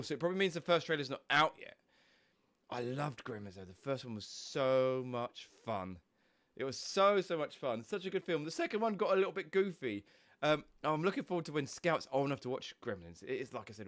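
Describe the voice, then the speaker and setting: A man's voice: mid-range voice, animated, a little fast, a bit bright. A young man with a stuffy, snotty nose from a cold, chatting casually and rambling on a live stream, swearing now and then.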